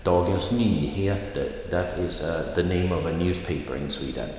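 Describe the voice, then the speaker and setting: Man, language teacher, deep low voice, slow careful delivery, long reverb in the room. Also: a little mellow, a little hiss or hum. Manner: slow, careful, repeats example phrases. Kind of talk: recorded pronunciation lesson.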